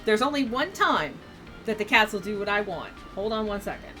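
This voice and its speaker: A woman's voice: medium pitch, expressive, brisk, sharp tone, faint music behind. A woman streaming a game from home, chatting casually with her audience. She rambles with many fillers and pokes fun at herself. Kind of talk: casual live-stream chat while playing a game. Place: home room, seated on her bed. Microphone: streaming microphone.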